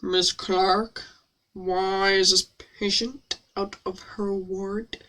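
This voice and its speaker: A woman voicing a stern, cold male doctor in a slow, hushed, sneering drawl. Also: flat delivery. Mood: disdainful. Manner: slow mock-menacing drawl, low and hushed.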